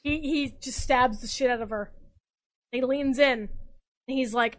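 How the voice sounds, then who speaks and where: A woman's voice: high-pitched, a little slow, long pauses, low-quality recording. A tipsy woman hosting a casual comic podcast, telling a story animatedly with lots of swearing and laughter. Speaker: podcast host.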